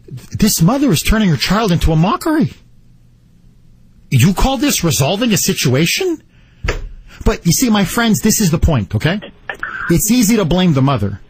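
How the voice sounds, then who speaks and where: A man's voice: sits high, big pitch swings, fairly quick, slightly rough. A man with an English accent hosting a call-in radio show, blunt and sarcastic with his callers. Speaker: radio talk show host. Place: radio studio. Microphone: studio microphone.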